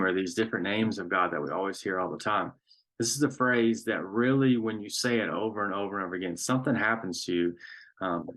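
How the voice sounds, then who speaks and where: A man giving a slow, reflective spiritual talk with many pauses and fillers. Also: lowish voice, fairly bright tone. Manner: slow, pausing, with frequent fillers. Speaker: spiritual teacher.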